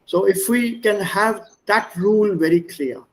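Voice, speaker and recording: A man's voice: high voice, a little slow, rough recording. A man teaching an online class over a video call, repeating and spelling words and coaxing his students to speak. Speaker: language teacher.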